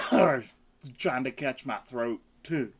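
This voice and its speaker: Laid-back coughing man chatting slowly. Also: medium pitch, animated, slightly rough. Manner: laid-back, slow and loose, sings meows and theme hums. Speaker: livestream host. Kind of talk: casual rambling livestream chat.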